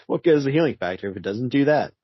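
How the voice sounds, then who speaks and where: A man's voice: mid-range voice, husky, dry recording, dull audio. A man co-hosting a casual comic book review, joking and laughing often. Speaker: podcast co-host.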